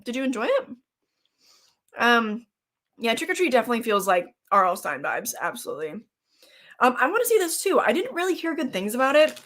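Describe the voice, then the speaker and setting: Chatty woman streamer, slightly high voice. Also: a bit bright. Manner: chatty and rambling, reacting to chat, with fillers and laughs; eating snacks while talking. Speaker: horror movie reviewer hosting a live stream. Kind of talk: casual live-stream chat.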